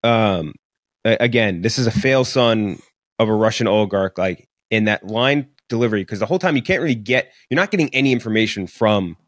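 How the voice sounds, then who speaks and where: A man's voice: fairly low pitch, a little fast, no room sound, clean studio sound. Man rambling through a movie review. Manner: rambling, filler-heavy, profane. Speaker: podcast co-host. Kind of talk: casual movie review chat. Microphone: studio podcast mic.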